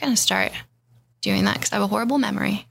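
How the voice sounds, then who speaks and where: Woman, rural Ontario accent, upbeat co-host, sharp bright tone, vocal fry. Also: medium pitch. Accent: Canadian, rural Ontario. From Canada. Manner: upbeat, quick reactions. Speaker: podcast co-host. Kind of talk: casual podcast chat.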